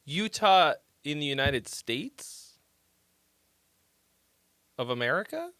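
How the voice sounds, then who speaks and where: A man with a bright, forceful voice chats on a livestream, swinging his pitch all over as he rambles and jokes with plenty of swearing. The sound is dry and close. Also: very animated, slow pace, dry recording. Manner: rambling, profane, joking. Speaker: host giving song feedback. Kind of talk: casual livestream chat.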